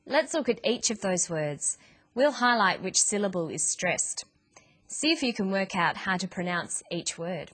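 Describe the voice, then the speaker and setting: Clear, measured woman teaching English. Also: medium pitch, expressive, a bit bright. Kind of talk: scripted lesson narration.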